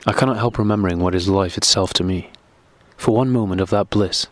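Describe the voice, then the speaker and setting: A man's voice: sits low, a little fast, dry recording. A man reading the lines of a shaken young officer pleading with his lover, earnest and urgent.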